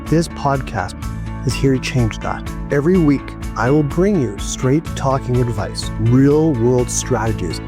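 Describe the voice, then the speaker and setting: A man's voice: medium pitch, lively intonation, unhurried. Middle-aged man reading a firm intro over music. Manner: firm, direct delivery. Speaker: podcast host. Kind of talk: scripted show intro. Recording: music playing behind.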